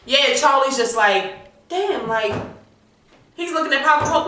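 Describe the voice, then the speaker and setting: A woman hosting a casual TV episode recap, talking in an animated, profane way and acting out the characters' lines. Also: high-pitched, a little slow, pauses often. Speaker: TV recap host. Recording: echoey room, distant mic, faint noise.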